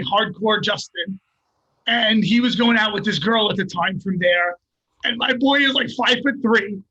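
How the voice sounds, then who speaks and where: A jiu-jitsu coach and guest, a man telling animated, profane stories in casual podcast chat. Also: high-pitched, breathy edge, low-quality recording.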